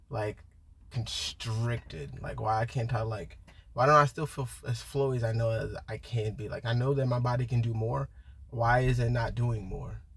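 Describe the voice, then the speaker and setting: A young man talking in a casual, rambling monologue, full of restarts and "you know"s, with a husky voice. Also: mid-range voice. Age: young adult. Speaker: vlogger.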